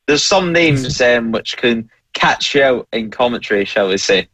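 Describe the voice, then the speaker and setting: A man who commentates on races, co-hosting a casual motorsport chat in a measured, explanatory way. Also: mid-range voice, expressive, fairly bright tone, dry recording, rough recording. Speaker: race commentator and co-host.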